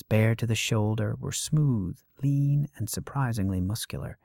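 A man reading a story aloud as narrator in a measured storytelling manner. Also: lowish voice, no echo, studio quality. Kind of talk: scripted narration.

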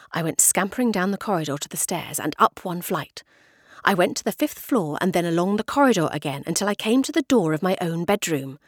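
A woman narrating a storybook with expressive, dramatic delivery. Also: medium pitch, breathy edge, no room sound, clean studio sound.

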